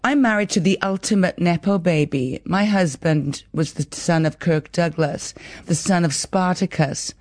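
A woman's voice: on the low side, a little slow, darkish tone, dry recording. Woman actress, interview, earnest and emphatic, dry close mic. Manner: earnest, emphatic, repeats words.

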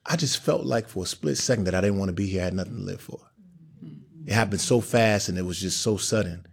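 Deep-voiced man, halting and candid. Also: gravelly, slightly rough. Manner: halting, repeats phrases. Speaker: guest, pro football player. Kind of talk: candid interview answers.

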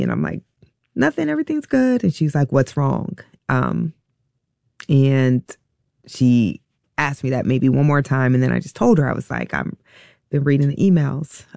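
Gravelly woman telling a painful story. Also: rumbling low, a little mellow, no room sound, clean studio sound. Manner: halting, emotional, with many pauses and fillers. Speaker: guest. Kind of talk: personal storytelling in an interview.

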